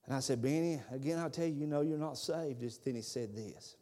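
A man's voice: medium pitch, brisk, warm tone. A man, preaching a sermon as a fervent storyteller. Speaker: pastor.

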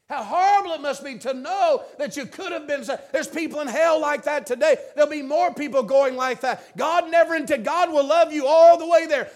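A man preaching a fervent revival sermon in church, swinging between hushed asides and shouted appeals. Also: very high voice.

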